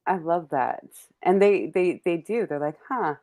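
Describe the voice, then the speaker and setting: A woman's voice: lowish voice, animated, measured pace, dark tone. A woman hosting a panel chat, encouraging her guests and laughing often. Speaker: host.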